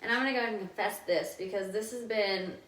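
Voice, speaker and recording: Fast-talking woman podcast host. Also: mid-range voice, fairly bright tone. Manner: fast, filler-heavy, confessional talk. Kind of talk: casual podcast chat. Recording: roomy sound, mic at a distance.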